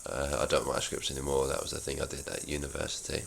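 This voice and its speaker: A young man reading his own old script aloud in a flat, halting way, with self-mocking asides. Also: very deep voice, creaky, slight background noise.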